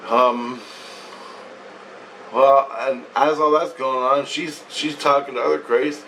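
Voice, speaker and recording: A man recounts a strange dream in a loose, wandering way, full of casual swearing and repeated phrases. His voice sits at an ordinary middle pitch. He is set back from the microphone, with faint ambient noise underneath. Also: steady tone, slow pace, sharp tone, distant mic, poor audio. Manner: meandering, profane, repeats himself. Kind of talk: rambling first-person dream account.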